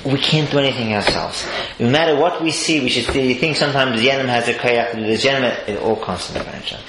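A man giving a sermon-style Torah talk, telling stories lively swings between high exclaims and low murmurs. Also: fast talker. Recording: echoey room with faint noise.

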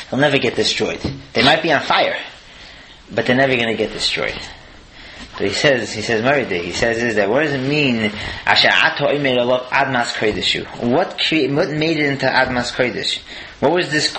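A man gives an earnest Torah lesson and keeps asking rhetorical questions. His voice is bright and forceful. A faint hiss of noise sits under the recording. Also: mid-range voice, rough recording. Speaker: Torah teacher.

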